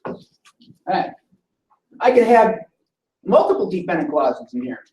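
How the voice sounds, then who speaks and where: A man's voice: high voice, sing-song, a little slow, mellow. Man lecturing in a roomy classroom. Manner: explanatory, checks in with "right?" often. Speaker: instructor. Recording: roomy sound from a distant mic.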